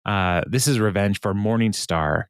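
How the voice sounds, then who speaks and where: A man's voice: lowish voice, normal speed, clean tone, dry recording, studio quality. A man on a podcast retelling a TV episode in casual chat, laughing often as he quotes the characters. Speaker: podcast host recapping a TV episode.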